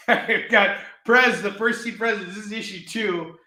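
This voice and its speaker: A man's voice: high-pitched, unhurried, bright, forceful tone. Joking, laughing male comic seller. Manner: jokey, laughing, goofy asides. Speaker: live shopping show host selling comics. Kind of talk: live-stream sales patter. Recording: echoey room.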